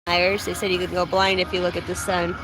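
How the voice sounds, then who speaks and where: A woman's voice: on the low side, completely flat delivery, fairly quick, background noise. A woman hosting a casual morning livestream outdoors by a truck, chatting loosely and with profanity while she greets viewers by name. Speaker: livestream host. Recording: music playing in the background.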